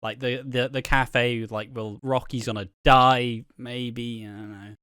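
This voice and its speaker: A man's voice: medium pitch, steady tone, a little slow, bright, forceful tone, clear, resonant tone, dry recording, studio quality. A man casually talking through soap opera theories, rambling and swearing freely. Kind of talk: casual chat.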